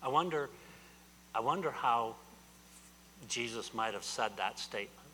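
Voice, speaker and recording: A man's voice: medium pitch, animated, unhurried, long pauses, sharp tone, a little hiss or hum. Emphatic preaching man in an echoey hall. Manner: repetitive, emphatic preaching with restarts. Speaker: pastor. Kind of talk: sermon.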